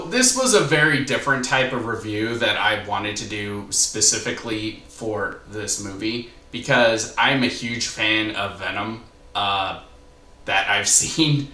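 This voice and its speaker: Bright-voiced man in an echoey room. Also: fairly low pitch. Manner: rambling with many fillers and profanity. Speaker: movie reviewer. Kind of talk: casual video review. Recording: echoey room, mic at a distance.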